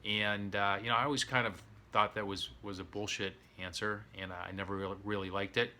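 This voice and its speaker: A man's voice: on the low side, steady tone, brisk, bright, forceful tone. A man telling a story in casual, rambling talk with many fillers. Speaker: podcast host.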